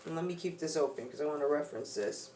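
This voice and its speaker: A woman's voice: sits low, fast talker, mellow, slight background noise. A woman doing a casual tarot reading, chatty and loose, talking straight to her viewers. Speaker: tarot reader.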